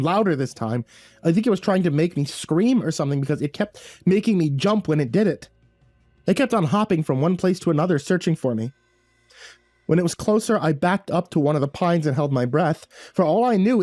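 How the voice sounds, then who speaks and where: A man's voice: on the high side, mellow, no room sound. A man narrating a first-person horror story in a tense, breathless way, stumbling over words now and then.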